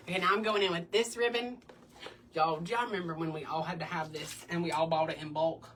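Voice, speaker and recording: A woman's voice: on the low side, fairly even intonation, a little fast, a bit bright, recorded from a distance, a little hiss or hum. A woman hosting a casual wreath-making tutorial in her home craft room, chatty and bubbly. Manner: chatty, bubbly, breaks into little sing-song bits. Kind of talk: casual crafting demo chat.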